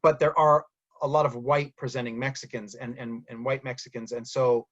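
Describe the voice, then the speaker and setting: A man talks through his own story in a thoughtful monologue, checking in with listeners by tagging "right?" onto his points. His voice sits at an everyday middle pitch. The recording is slightly muffled and lo-fi. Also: little pitch movement, moderate pace, fairly bright tone. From United States. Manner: thoughtful, frequent "right?" and "you know" tags. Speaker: speaker recounting his language history. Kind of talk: reflective personal monologue.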